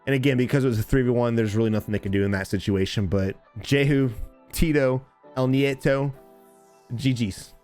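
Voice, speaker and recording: A man coaching viewers over game footage, deliberately dramatic and emphatic, talking straight to his audience. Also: mid-range voice, darkish tone, soft background music. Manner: addresses viewers and chat directly. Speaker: gaming coach commentator. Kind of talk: gameplay commentary and tips.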